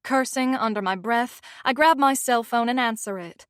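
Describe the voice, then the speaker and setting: A woman's voice: fairly high pitch, normal speed, no echo, studio quality. Wry young Southern woman narrating. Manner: wry, self-mocking. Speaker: audiobook narrator. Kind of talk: first-person romance audiobook narration.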